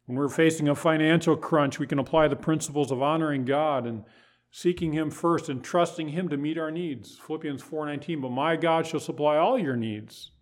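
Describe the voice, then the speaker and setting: Male pastor, mid-pitched, emphatic preaching style. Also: creaky. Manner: emphatic preaching with rhetorical questions. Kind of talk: sermon.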